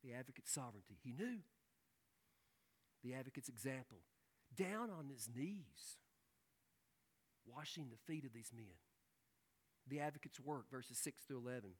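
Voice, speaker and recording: A man preaching a sermon, who swings between hushed, slow stretches and loud, emphatic outbursts. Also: mid-range voice, expressive, husky. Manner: dynamic preaching, drops to hushed tones and rises to emphatic outbursts. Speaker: pastor.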